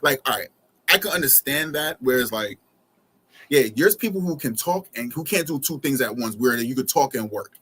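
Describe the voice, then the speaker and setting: Podcast guest, male, husky voice, easygoing talker. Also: mid-range voice, expressive, normal speed, sharp tone. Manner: laid-back, repeats phrases for emphasis. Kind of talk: casual chat.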